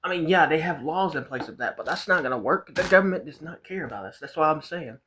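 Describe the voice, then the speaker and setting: A man's voice: on the high side, animated, fast talker, a bit bright. A man vlogging a casual, rambling rant, repeating himself and swearing as he talks. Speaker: vlogger reacting to a video. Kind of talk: casual ranting commentary.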